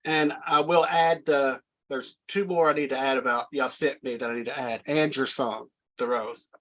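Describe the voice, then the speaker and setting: A man's voice: medium pitch, fairly even intonation, normal speed, a bit bright, poor audio. A man hosting a casual online interview, friendly and drawling, laughing easily. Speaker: talk show host.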